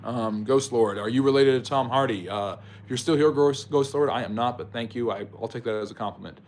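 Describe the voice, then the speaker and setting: A man's voice: medium pitch, fairly quick, darkish tone, slight background noise. Man explaining history to live chat. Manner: explains at length, with frequent ums and self-corrections; talks directly to chat viewers by name. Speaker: history channel host. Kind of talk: live-stream Q&A, answering viewer chat.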